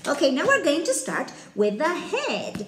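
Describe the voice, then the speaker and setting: A woman teaching a craft lesson to small children, speaking in a cheerful, sing-song way, slowly and clearly. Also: high-pitched, huge pitch swings, roomy sound, a little hiss or hum.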